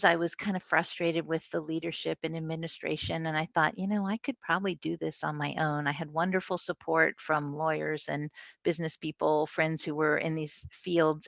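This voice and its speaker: Woman panelist, low fry-edged voice, conversational and reflective, dry slightly muffled audio. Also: fairly bright tone, dry recording. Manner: conversational, reflective, with frequent fillers. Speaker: panelist neurologist. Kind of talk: panel discussion storytelling.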